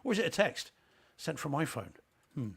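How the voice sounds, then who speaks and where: A man's voice: on the high side, big pitch swings, moderate pace, vocal fry, husky. A man with an English accent co-hosting a podcast, chatting easily and reading out listener mail, chuckling as he goes. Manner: easygoing, chuckles as he talks. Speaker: podcast co-host.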